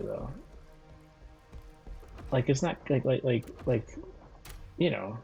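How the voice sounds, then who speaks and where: A man's voice: mid-range voice, expressive, takes it slowly, vocal fry, dark tone, soft background music. A man streaming a video game, chatting casually with viewers in a rambling, profane way full of fillers and restarts. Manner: talks back to viewers' chat messages. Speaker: gaming streamer. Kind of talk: casual livestream chat while playing. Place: living in Florida.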